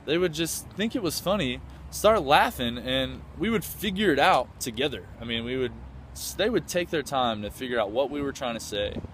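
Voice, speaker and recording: A man's voice: medium pitch, animated, normal speed, fairly bright tone, slight background noise. A man from the United States, enthusiastically recounting a trip in a rambling, casual way with lots of fillers and restarts. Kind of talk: casual storytelling.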